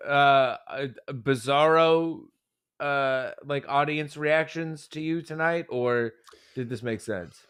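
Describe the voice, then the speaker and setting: A young man hosting a casual wrestling recap chat, upbeat and animated, with frequent stumbling restarts. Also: medium pitch, takes it slowly, clean tone. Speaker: host.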